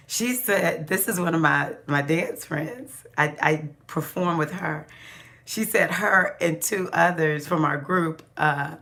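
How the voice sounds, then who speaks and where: A woman tells a personal story to her viewers in a loose, chatty way, full of restarts and fillers. Her voice sits fairly low but sounds bright and forceful. She acts out what others said with sudden jumps in pitch. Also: takes it slowly. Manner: animated, laughing, acts out quotes with big pitch jumps. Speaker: astrology vlogger. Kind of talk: casual storytelling monologue.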